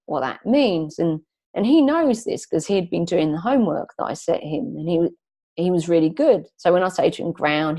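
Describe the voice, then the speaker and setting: A woman working as a coach, a guest in an interview, telling a client story in a lively way and acting out the dialogue. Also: low voice. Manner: earnest, emotional when recalling. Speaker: transformational coach.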